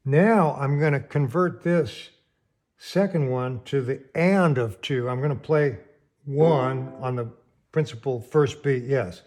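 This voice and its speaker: A man teaches piano, explaining rhythm plainly and counting the beats aloud as he plays. His medium-pitched voice is slow and darkish, with piano playing underneath.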